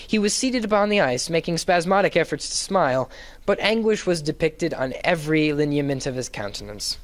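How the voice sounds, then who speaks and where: A man giving a dramatic reading of a classic novel in an expressive, theatrical narrating manner. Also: on the high side, fairly quick. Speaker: reader.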